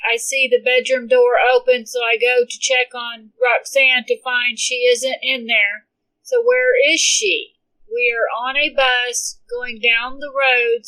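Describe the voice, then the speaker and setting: A woman narrating a romance story in the first person with a steady reading. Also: fairly high pitch, poor audio. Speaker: audiobook reader.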